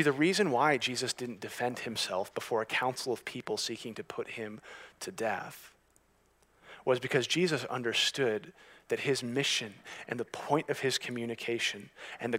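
Bright-voiced man preaching a sermon. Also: medium pitch, husky. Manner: earnest preaching, shifting from hushed to emphatic; reads scripture aloud. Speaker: pastor.

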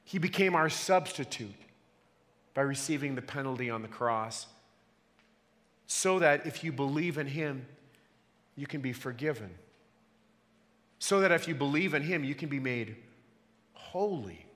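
Bright-voiced male pastor preaching in a hall. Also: mid-range voice, lively intonation, unhurried, long pauses. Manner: earnest, emphatic, rhetorical questions to the congregation. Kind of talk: sermon. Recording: long hall reverb.

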